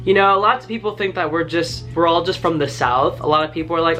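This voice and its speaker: A man from the United States chats to his camera in an upbeat, rambling vlog, circling back over his words with plenty of fillers. His voice sits a little high and rings bright and forward. Soft music plays faintly underneath. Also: steady tone, quick pace. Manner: enthusiastic, rambling, restarts and "like" fillers. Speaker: vlogger. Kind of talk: casual talking-to-camera vlog.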